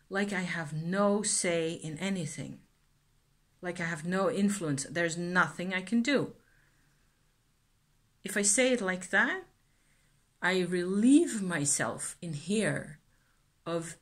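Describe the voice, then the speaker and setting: A middle-aged woman vlogging reflectively about her feelings, hesitant and earnest, often trailing off and restarting. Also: on the low side. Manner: earnest, self-examining. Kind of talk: reflective personal vlog.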